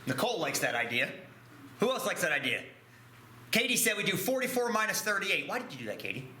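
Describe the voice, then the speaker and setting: Male math teacher, high and lively, self-mocking humor, booming classroom echo. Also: fast talker. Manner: joking, self-deprecating. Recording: echoey classroom.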